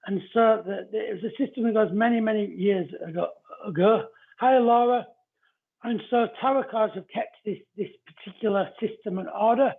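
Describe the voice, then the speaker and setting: A high, husky man hosts a live-stream card reading, breaking off to greet viewers by name. His voice comes through thin and narrow, as if over a phone line. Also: moderate pace. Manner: chatty, greets viewers between explanations. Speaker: psychic card reader.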